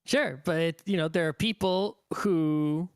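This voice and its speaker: A man's voice: fairly high pitch, slow, clean tone, no room sound. A man co-hosting a podcast, talking in a rambling way that is full of "right?" and "you know". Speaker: podcast co-host. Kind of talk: casual discussion.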